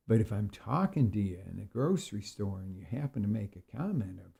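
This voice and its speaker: A middle-aged man giving a live motivational coaching talk, jokey and animated, acting out quick voices. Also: lowish voice, gravelly, breathy edge. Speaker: small business and health coach.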